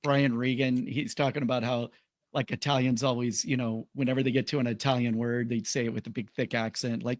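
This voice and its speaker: A man's voice: medium pitch, flat delivery, fairly quick, dry recording. Chatty man, dry close sound. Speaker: show co-host. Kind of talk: casual chat.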